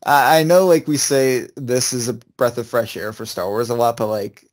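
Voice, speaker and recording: A man's voice: medium pitch, steady tone, moderate pace. A young man co-hosting a podcast, talking in a rambling, hesitant way with many restarts. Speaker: podcast co-host. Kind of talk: casual chat.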